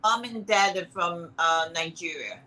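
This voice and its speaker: An easygoing woman chats as a guest over a video call. Her voice is bright and forward, and she keeps things light, with a laugh close at hand. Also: lowish voice, measured pace, a little hiss or hum, poor audio. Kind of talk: casual chat.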